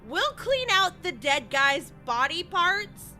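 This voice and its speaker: A woman giving gameplay commentary as a streamer, animated, swearing and thinking out loud. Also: very high-pitched, takes it slowly, faint music behind. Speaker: gaming streamer.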